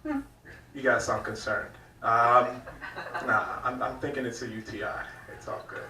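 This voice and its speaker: Bright-voiced man on a comedy stage, slow. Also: mid-range voice, slight background noise. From Virginia, United States. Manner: loose, rambling delivery with frequent laughs at his own jokes. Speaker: stand-up comedian. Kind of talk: stand-up comedy set. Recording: echoey club room from far off.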